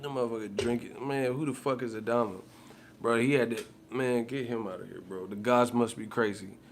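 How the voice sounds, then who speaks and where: A man's voice: mid-range voice, fairly even intonation, brisk, slight background noise. A man ranting casually as a boxing commentator, heated and profane, repeating himself. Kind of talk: casual rant.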